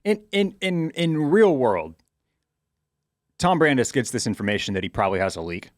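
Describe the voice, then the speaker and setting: A man's voice: medium pitch, big pitch swings, normal speed, dry recording. Man, podcast co-host, analytical casual chat, stammering restarts, dry mic.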